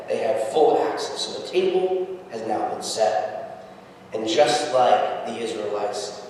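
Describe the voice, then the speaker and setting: Pastor preaching in an echoey church. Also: male voice, medium pitch, slight background noise. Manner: animated storytelling, acting out the scripture quotes. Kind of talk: sermon. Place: church sanctuary. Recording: echoey church hall from far off.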